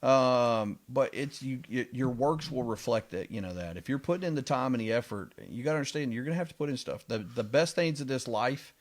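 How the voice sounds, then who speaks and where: Animated pastor telling stories. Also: male voice, fairly quick, few pauses. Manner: animated storyteller, voice rising high when retelling excited moments. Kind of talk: casual podcast discussion.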